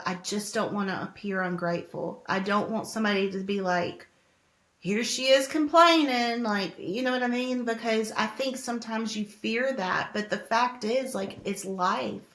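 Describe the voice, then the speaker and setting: A woman musician talking candidly as an interview guest, open and heartfelt, pausing often with "like" and "um". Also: mid-range voice, reverberant. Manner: open, heartfelt, hesitant with many "like"s.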